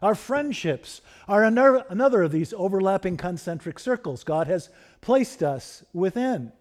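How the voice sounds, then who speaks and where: A man preaching a sermon in a church, telling stories and slowing down to stress key phrases. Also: sits high, animated. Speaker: pastor.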